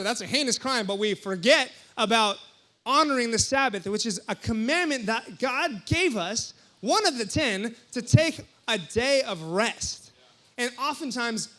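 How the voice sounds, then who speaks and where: A young male pastor with a high, bright-pitched voice delivers a lively sermon to a congregation. He tells playful stories and breaks into sudden loud exclamations. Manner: animated, jokey storytelling with sudden loud exclamations. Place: church hall before a congregation.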